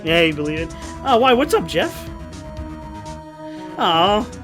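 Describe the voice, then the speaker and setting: Male streamer, casual commentary, animated high-ish voice, cursing, game music underneath. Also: brisk. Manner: excitable, swears a lot.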